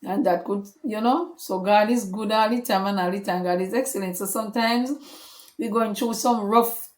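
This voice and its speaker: A woman's voice: mid-range voice, normal speed. Woman telling a story. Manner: animated retelling, acts out quoted speech. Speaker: vlogger. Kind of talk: casual storytelling.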